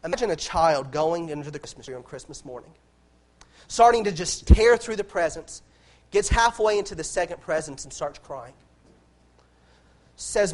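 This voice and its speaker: A man's voice: a little high, expressive, moderate pace, long pauses. A man preaching a sermon in an impassioned way, repeating phrases and restarting lines as he builds.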